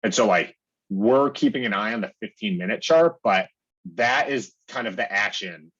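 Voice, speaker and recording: A man's voice: on the low side, expressive, normal speed, fairly bright tone, slightly rough, highs cut off. A young man casually walking through trading charts on his screen, chatty, peppering his talk with "like" and "okay" and acting out his own reactions. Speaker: day trading educator.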